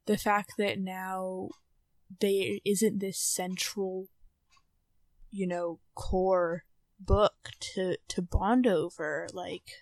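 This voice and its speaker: A young adult woman co-hosting a podcast, chatting casually with lots of fillers and drawn-out phrases. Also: mid-range voice, flat delivery, darkish tone, dry recording. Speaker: podcast co-host.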